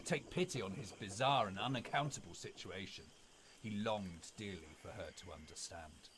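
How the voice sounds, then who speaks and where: A man reading a spooky story aloud in a dramatic, expressive way. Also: low voice, normal speed, a little hiss or hum.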